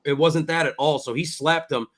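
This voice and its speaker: A man's voice: fairly high pitch, steady tone, normal speed, a bit bright. A man hosting a fight recap podcast, recounting the action at length in blunt, profane casual chat. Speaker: podcast host.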